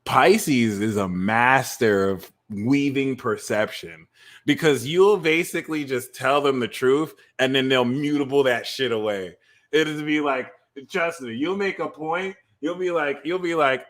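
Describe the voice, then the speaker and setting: Animated, profane astrologer man. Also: medium pitch, measured pace. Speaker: astrologer and tarot reader. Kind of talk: casual livestream chat.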